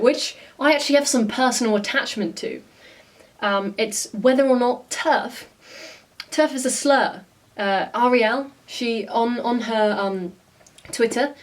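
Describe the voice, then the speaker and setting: A woman vlogger talking through a reaction video in a blunt, exasperated way, swearing freely. Her voice sits fairly high. She sounds set back a little from the microphone. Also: distant mic. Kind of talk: casual reaction commentary.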